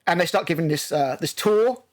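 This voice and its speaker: A man's voice: fairly high pitch, animated, brisk. Chatty British man reviewing a film. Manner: rambling, recaps scenes with many fillers. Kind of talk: casual podcast discussion.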